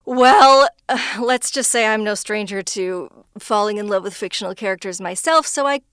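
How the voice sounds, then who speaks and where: A woman voice actor chats freely as an interview guest, laughing often between thoughts and describing her own voice as higher-pitched. She speaks at normal speed with a smooth, fairly bright tone, recorded in a clean studio with no echo.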